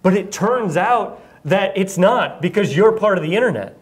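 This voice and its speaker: A young man from Iowa hosts an event onstage, asking questions in a casual, rambling chat full of self-deprecating jokes and frequent laughter. His voice is high-pitched and expressive, at a normal speed.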